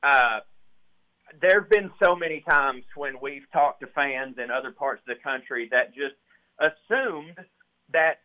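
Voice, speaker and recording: A man's voice: mid-range voice, unhurried. A man with a Southern US accent, a guest author talking earnestly, laughing easily. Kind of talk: casual chat. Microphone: phone line. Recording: tinny phone line.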